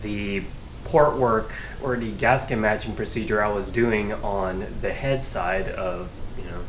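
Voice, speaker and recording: A man with a congested, nasal voice, talking to camera in a halting, apologetic way with many fillers. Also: lowish voice, steady tone, noisy background. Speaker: car hobby vlogger. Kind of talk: casual to-camera talk. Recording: echoey room.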